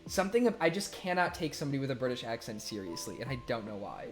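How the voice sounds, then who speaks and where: A young male streamer with a mid-range voice talks fast and very animatedly while reading viewer messages aloud. Casual and profane, he laughs frequently and veers between loud and mumbled speech. Faint music can be heard.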